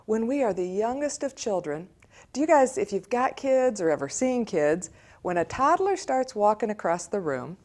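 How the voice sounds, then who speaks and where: Animated American woman counselor teaching. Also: mid-range voice, moderate pace. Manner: animated, acts out children and parents in quoted voices. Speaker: church director of community, counselor. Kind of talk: teaching talk to camera.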